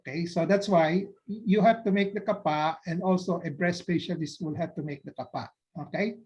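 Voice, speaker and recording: A man's voice: sits high, moderate pace, darkish tone. A man with a Filipino accent, a doctor giving an informal medical talk, mixing English and Tagalog and often checking in with his listeners. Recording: dull lo-fi audio.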